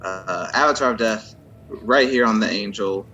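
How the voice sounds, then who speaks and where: A man's voice: lowish voice, normal speed, sharp tone, dull audio, soft background music. A man playing a tabletop game, talking casually and hesitantly. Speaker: player.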